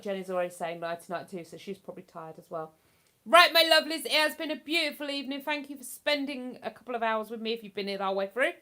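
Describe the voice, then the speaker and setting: A woman's voice: on the high side, a bit bright. A woman hosting a casual livestream from home, chatting in a rambling way and laughing easily. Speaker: livestream host. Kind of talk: casual live chat.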